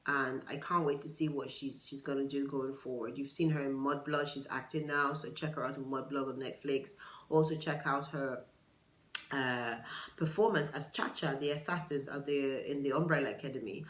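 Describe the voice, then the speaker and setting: A woman's voice: a bass voice, steady tone, moderate pace, reverberant, poor audio. A woman hosting a solo podcast, chatting casually and digressing into gossipy asides. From United Kingdom. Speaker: podcast host. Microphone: camera for a video podcast.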